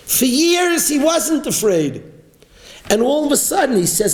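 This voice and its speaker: A man giving a sermon as a rabbi, preaching emphatically and with animated, rising exclamations. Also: very high-pitched, normal speed. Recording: roomy echo.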